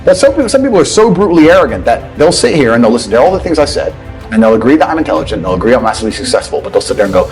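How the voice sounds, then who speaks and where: A man's voice: mid-range voice, very animated, racing, a little mellow, rough recording. A man from England, delivering a blunt, profane motivational rant that lectures listeners and mocks the way other people talk. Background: faint background music.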